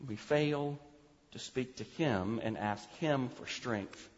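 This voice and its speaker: A man's voice: mid-range voice, slow. A man preaching a sermon, emphatic, acting out the voices he quotes with rising intensity. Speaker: pastor. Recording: dull recording with long hall reverb.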